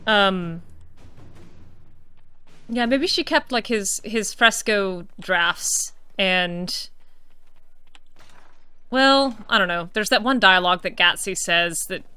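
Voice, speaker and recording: Woman, let's-play commentary, smooth resonant voice, musing and teasing. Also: mid-range voice, animated, takes it slowly, long pauses, pushed and bright, no room sound. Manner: chatty, musing aloud with playful mock outrage. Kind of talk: casual gameplay commentary.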